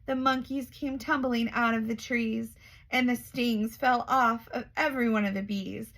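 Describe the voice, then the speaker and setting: Slow, gentle woman storyteller. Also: on the high side, poor audio. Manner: slow, rhyming, expressive. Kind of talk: reading a children's picture book aloud.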